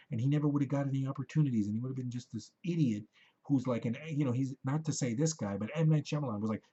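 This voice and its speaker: Guy ranting on his vlog, swears a lot, dark husky voice. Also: mid-range voice, lo-fi sound. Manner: rambling, profane, heated. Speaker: vlogger. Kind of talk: rambling monologue to camera.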